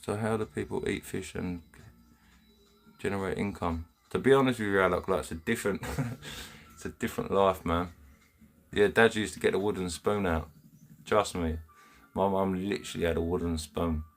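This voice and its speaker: A man with an English accent talks straight to his live stream viewers from home. His voice sits a bit low, and he is blunt and chatty, full of slang, with frequent laughs. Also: fairly even intonation, normal speed, soft background music. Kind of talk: casual live stream chat, reading comments. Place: home, indoors.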